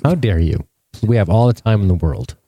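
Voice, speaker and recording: A man with a very low voice co-hosts a podcast, keeping up crude, joking banter with his partner. His voice is recorded dry and close, with no room sound. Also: lively intonation, a little fast, dark tone, dry recording. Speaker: podcast co-host. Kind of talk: casual chat.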